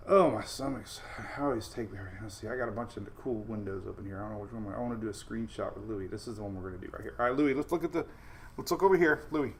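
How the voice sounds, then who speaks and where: A man's voice: mid-range voice, creaky, slight background noise. A man hosting a casual weather livestream from home, chatty and laughing often while his dogs run around.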